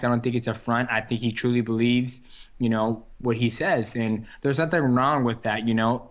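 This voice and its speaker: A young adult man answering interview questions in an easygoing way, with many fillers and restarts. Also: mid-range voice. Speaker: interview guest, fighter. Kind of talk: casual phone interview.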